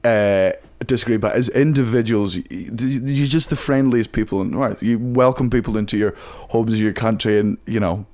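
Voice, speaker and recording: Profane Scottish man chatting fast. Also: lowish voice, darkish tone. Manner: profane, rapid, self-mocking. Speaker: guest comedian. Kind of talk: casual podcast chat. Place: podcast studio.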